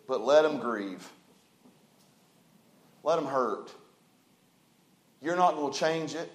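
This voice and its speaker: A man preaches from the pulpit in a high, ringing voice. He builds to loud, drawn-out emphatic phrases. The sound carries the echo of a roomy church. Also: lively intonation. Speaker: pastor. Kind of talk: sermon.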